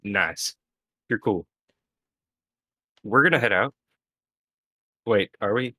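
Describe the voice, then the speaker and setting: Man, low pitch, bright tone, playful player, online tabletop game, dry mic. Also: slow pace, husky, no echo. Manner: playful, joking in character. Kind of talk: casual tabletop game play.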